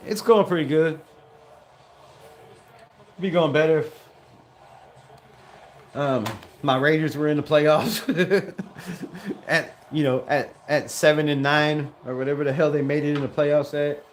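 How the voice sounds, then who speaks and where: A man streaming a live watch party, calling the game play by play in a loose, casual way. He jumps to loud shouts on big plays and chats, swears and laughs between them. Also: fairly high pitch, moderate pace, pauses often.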